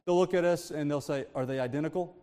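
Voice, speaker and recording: A man delivers a sermon full of family anecdotes and asides, often breaking into laughter. His voice sits a little higher than most men's. A long reverb trails each phrase, as in a large church. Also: quick pace, background noise. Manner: storytelling with frequent laughs and asides. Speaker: preacher.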